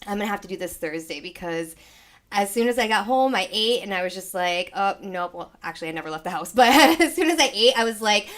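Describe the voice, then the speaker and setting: A woman's voice: medium pitch, expressive, fast, a bit bright. Chatty young woman telling a story. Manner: chatty and rambling, acts out her own past thoughts. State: recovering from illness, tired. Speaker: sound healing host. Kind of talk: casual chat to a live audience. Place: home studio.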